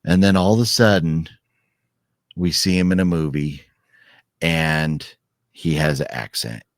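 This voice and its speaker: A man co-hosting a casual film review chat, rambling with restarts and sudden lively jumps. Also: a bass voice, unhurried, no echo, studio quality. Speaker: podcast co-host.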